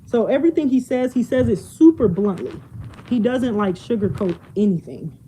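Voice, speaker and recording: Young woman talking while she cleans, super lively up and down voice, kinda mellow, laughs a lot. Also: fairly high pitch, normal speed, a little hiss or hum, rough recording. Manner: chatty, laughs often, moves around the room. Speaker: vlogger. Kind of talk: casual chat while cleaning. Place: home, moving around rooms.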